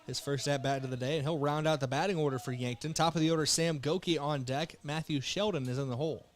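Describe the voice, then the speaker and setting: A young man from South Dakota calling baseball play-by-play with relaxed, joking banter between pitches while fighting the hiccups. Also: quick pace. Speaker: play-by-play announcer.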